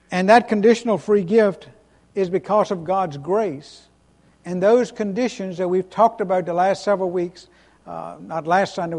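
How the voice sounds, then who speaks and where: A man's voice: sits high, a little mellow. A man preaching a sermon as pastor, earnest and emphatic, repeating key phrases and restarting sentences. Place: church sanctuary. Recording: long reverb of a church hall.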